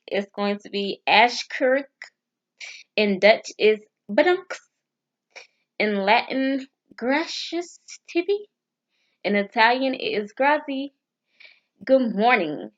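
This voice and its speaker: A woman's voice: a little high, highs cut off. A woman vlogger chatting casually as she practices phrases, hesitant and stumbling over foreign words. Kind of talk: casual study vlog.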